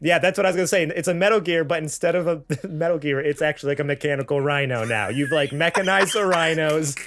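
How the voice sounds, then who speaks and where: A man's voice: fairly high pitch, fast, background noise. A man co-hosting a gaming podcast, laughing easily and riffing on silly ideas. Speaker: podcast co-host. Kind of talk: casual chat.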